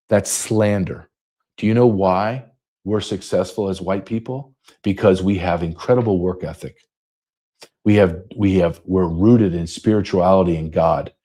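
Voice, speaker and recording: Deep, dark-voiced man in his fifties. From United States. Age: 50s. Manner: emphatic, repetitive. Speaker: podcast host. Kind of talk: monologue.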